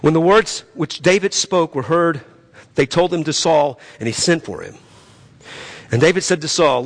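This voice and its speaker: A pastor preaching a sermon, swinging between loud emphatic peaks and quieter asides. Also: male voice, fairly high pitch, moderate pace.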